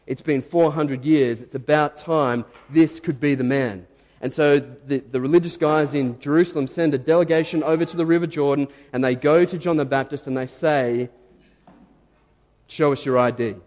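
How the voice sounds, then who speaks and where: Male pastor, slightly high voice, lively storytelling sermon, hall reverb. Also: moderate pace. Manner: animated storytelling, acting out quotes. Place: church.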